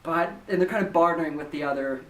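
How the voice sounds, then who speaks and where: A man with a fairly high voice tells a story in an animated, chatty way. His voice comes from a little way off the microphone. It bounces around an echoey room. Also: quick pace, recorded from a distance. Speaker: listener sending in a story. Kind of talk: casual storytelling voice message. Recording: echoey room, voice away from the mic.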